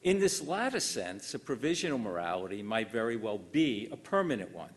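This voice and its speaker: An older man delivering a formal academic lecture, measured and emphatic with dry asides. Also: fairly low pitch, very animated. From United States. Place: lecture hall.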